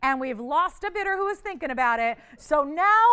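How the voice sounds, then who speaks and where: A woman's voice: sits high, animated, a little fast, bright, forceful tone. A woman hosting a live jewelry shopping auction, bubbly and chatty, teasing her crew as she calls out the bids.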